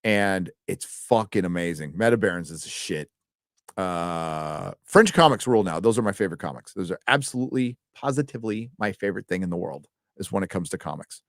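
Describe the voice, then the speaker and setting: This donation-reading live-stream host has a low, briskly paced voice with lively intonation. He is a loose, chatty man who swears freely and often stumbles over words, and the recording is dry and close.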